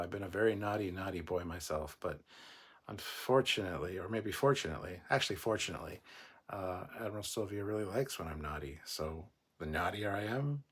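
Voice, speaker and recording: A man with a slightly husky voice sitting low in pitch talks loosely through a livestream. He jokes and rambles, stumbling over his words now and then, as he reads viewer comments aloud. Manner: joking, chatty, rambling with restarts. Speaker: livestream host. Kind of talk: casual livestream chat, reading viewer comments.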